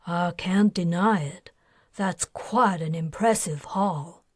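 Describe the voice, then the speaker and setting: A woman's voice: fairly low pitch, slow pace, breathy edge, no echo, studio quality. A woman doing a wry underworld boss. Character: shrewd female underworld boss, smooth and mocking.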